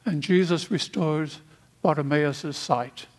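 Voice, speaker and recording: A man from the United States preaching a sermon, speaking in slow, deliberate phrases with long pauses. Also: on the high side.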